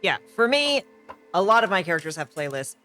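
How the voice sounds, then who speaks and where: Bright-voiced man chatting. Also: high voice, very animated, brisk, faint music behind. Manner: rambling, enthusiastic, self-correcting. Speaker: podcast co-host. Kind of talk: casual chat about tabletop role-play.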